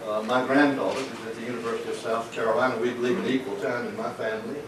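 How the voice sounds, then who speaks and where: A man's voice: medium pitch, flat delivery, racing. Older man, economics lecturer, folksy storytelling, asks the room questions; roomy far-off mic. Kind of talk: anecdotal lecture to a live audience. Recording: echoey lecture room from a distant mic, noisy.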